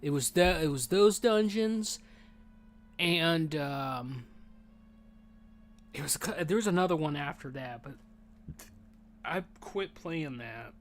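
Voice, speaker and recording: A man chatting casually while he plays a game, rambling and animated, saying dude a lot, and talking with his mouth full while he eats. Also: fairly high pitch, takes it slowly, long pauses, a little hiss or hum. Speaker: gaming streamer. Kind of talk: casual gameplay chat.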